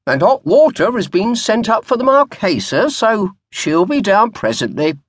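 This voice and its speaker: A man's voice: high-pitched, big pitch swings, normal speed, no room sound, pitched above the performer's own voice. A man voicing a timid, plaintive old male butler who fusses over his master. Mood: fussing. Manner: plaintive, fussing.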